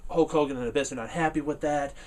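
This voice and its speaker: A man giving a casual spoken review of a wrestling event, rambling with lots of "uh" fillers and getting loud and animated when he rants. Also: on the high side, quick pace, far from the mic. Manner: rambling, many "uh" fillers, laughs easily.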